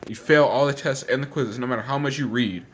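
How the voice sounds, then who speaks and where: In a laid-back vlog, a teen vlogger hurries through an exasperated, repetitive rant, slightly breathless. His pitch is medium, with some faint background noise.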